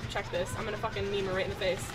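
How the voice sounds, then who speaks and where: A woman streaming a game live, commenting in an excitable, profane way and shouting at the game. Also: medium pitch, rapid-fire, loud music behind the voice, poor audio.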